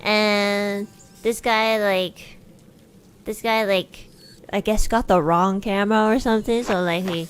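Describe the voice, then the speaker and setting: A young woman streamer telling a long everyday story in casual chat, animated and chatty, acting out what people said. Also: mid-range voice, slow, clean tone. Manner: chatty, animated, acts out quoted lines in a raised voice.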